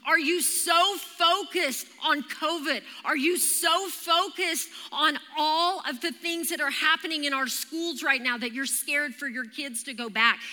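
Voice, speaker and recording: Woman in her thirties, lively storytelling preacher, piercing high tone, echoing church hall. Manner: animated, storytelling with vivid exclamations. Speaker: church speaker. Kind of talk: sermon. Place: church hall during a live service. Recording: reverberant live church hall.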